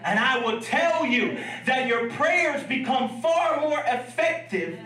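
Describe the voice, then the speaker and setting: A man's voice: extremely high pitch, expressive, slow pace, pushed and bright, echoey room, recorded from a distance, rough recording. A man preaching a sermon in a church, telling a story with humor and laughing asides. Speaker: pastor. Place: church sanctuary.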